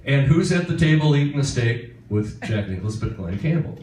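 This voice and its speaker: A guitarist telling a rambling, chuckling story on stage. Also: male voice, medium pitch, expressive, normal speed, a little mellow. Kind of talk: onstage anecdote. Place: concert stage. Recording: echoey hall, far from mic, noisy.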